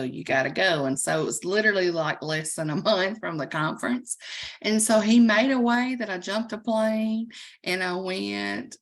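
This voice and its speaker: Chatty Southern woman telling a story. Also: on the low side. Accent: Southern US (Alabama). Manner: chatty, animated storytelling with laughs. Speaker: coauthor and preacher. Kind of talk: casual chat on a video call.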